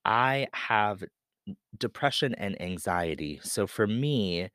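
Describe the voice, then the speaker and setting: A man's voice: fairly low pitch, lively intonation, slow pace, a bit bright, no room sound, clean studio sound. A man from Pennsylvania who hosts a podcast, telling a personal story in an earnest, candid and confessional way. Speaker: podcast host.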